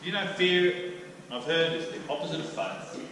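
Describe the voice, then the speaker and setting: An Australian man preaching a lively, jokey sermon in a church hall. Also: a little high, normal speed. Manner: animated, jokey, acts out the master's lines. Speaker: pastor. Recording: echoey hall, mic from a distance, faint room hum.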